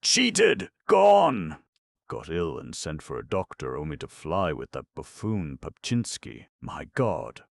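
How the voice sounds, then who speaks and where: A man voicing a wealthy, histrionic gentleman who shouts and sobs in anguish, for an audiobook. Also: extremely low pitch, lively intonation, measured pace, hardly any pauses, heavily acted. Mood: anguished, shouting. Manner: shouting, sobbing outbursts. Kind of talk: audiobook character reading.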